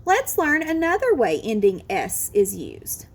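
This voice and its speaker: A woman teaching a phonics lesson to children, slowly modelling each word sound and encouraging the listener. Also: fairly high pitch, huge pitch swings.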